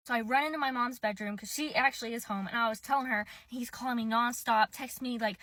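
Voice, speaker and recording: A woman's voice: on the high side, a little fast, sharp tone, no echo. A young woman telling a casual storytime, chatty and exasperated, often acting out the lines of the people in it.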